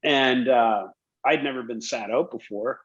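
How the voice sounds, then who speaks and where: A man's voice: medium pitch, unhurried, husky, lo-fi sound. A middle-aged man, a former hockey player, telling stories casually in an interview and acting out the quotes. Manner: animated storyteller, acts out quotes, laughs.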